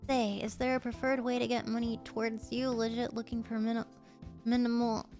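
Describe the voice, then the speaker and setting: A woman streaming casually, bubbly and excitable, gasping and chatting to her viewers. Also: on the high side. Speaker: livestreamer. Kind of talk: casual livestream chat.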